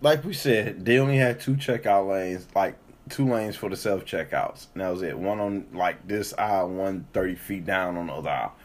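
A man co-hosting a podcast, telling a profane, animated story in casual chat and acting out the quotes. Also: sits low, moderate pace, few pauses. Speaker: podcast co-host.

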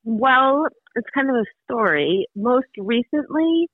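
A woman's voice: a little high, lively intonation, slow pace, no echo. A woman guest in a podcast interview, bubbly and enthusiastic, talking in a chatty way with lots of fillers. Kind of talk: casual interview. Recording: tinny phone-like remote call line.

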